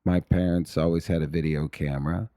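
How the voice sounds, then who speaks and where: A man's voice: low voice, steady tone, brisk, mellow, no echo, studio quality. A male comedian as a podcast guest in casual chat, rambling and making self-deprecating jokes.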